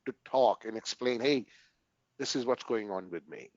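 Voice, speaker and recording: A man's voice: medium pitch, a little mellow, no echo, highs cut off. Earnest man asking "right?" after every point. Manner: earnest, repeats "right?" often, pauses to restart sentences. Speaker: interview guest. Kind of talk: casual conversational interview.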